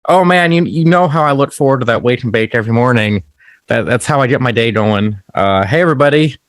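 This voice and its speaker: A man's voice: medium pitch, quick pace, no echo, clean studio sound. A man co-hosting a comedy podcast, chatting casually and stammering on restarts. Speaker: podcast co-host.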